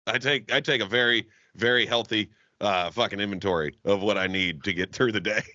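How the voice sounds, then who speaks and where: A young man co-hosting a comedy podcast, ranting and mocking his partner with loud, profane banter. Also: lowish voice, fairly quick, no echo, muffled recording. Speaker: podcast co-host.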